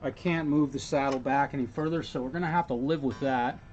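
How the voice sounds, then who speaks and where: A man's voice: mid-range voice, brisk, darkish tone, lo-fi sound. A man working as a guitar repair technician, thinking aloud and chatting casually with viewers as he works in his workshop. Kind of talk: casual workshop stream talk.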